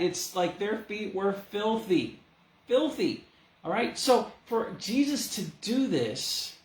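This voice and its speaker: A man preaching a sermon as a pastor, in a lively, conversational way, full of rhetorical questions. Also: sits high. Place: church. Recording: echoey church room.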